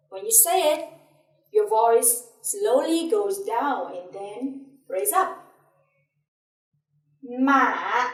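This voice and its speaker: A woman teacher with a Vietnamese accent, slowly explaining and demonstrating tones syllable by syllable. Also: sits high. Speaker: language teacher. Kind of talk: slow, deliberate language lesson. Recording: echoey room, a bit far from mic.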